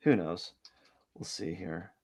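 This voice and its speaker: Low-pitched, slow and husky, a man narrates his sketching on a drawing live stream. His casual thinking-aloud rambles and hesitates, he second-guesses himself, and he's quick to downplay his work.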